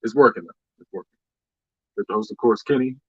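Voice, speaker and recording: A man's voice: lowish voice, fast talker, a little mellow, breathy edge, dry recording, muffled recording. A man hosting a casual podcast, loose and joking, laughing often. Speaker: podcast host.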